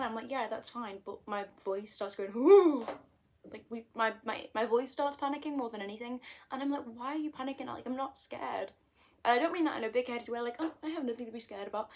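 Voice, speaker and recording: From her bedroom, a British vlogger in her twenties chats casually to camera, mocking herself and flitting across topics. Her voice sits slightly high, with a little hiss or hum in the audio.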